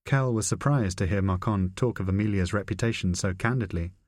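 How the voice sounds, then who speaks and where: A man narrates a spy novel in a measured, even reading. His voice sits low, and the recording is dry and close. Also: dry recording. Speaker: audiobook narrator. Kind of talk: scripted narration.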